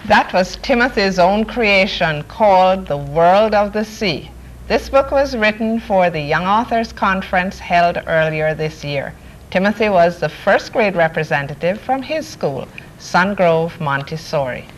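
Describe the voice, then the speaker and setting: Slow, lively woman reading picture books aloud. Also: medium pitch, slight background noise, rough recording. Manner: lively, playful read-aloud with sound effects. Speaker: story hour host.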